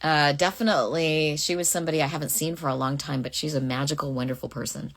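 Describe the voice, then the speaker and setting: A woman's voice: low voice, fairly even intonation, fast. A woman voice actress chatting through a live fan Q&A, reading out questions and answering casually.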